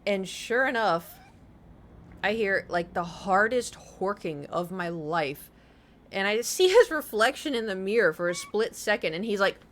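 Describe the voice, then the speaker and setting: A woman's voice: mid-range voice, animated, unhurried. A young woman with a slight lisp from braces, chatting casually on a live stream and telling rambling, self-mocking stories with frequent laughter.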